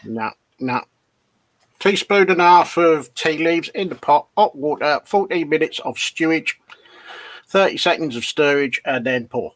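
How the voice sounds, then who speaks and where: A man's voice: on the high side, lively intonation, unhurried, fairly bright tone. A man co-hosting a casual chat, easygoing, mostly giving short replies. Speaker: livestream co-host.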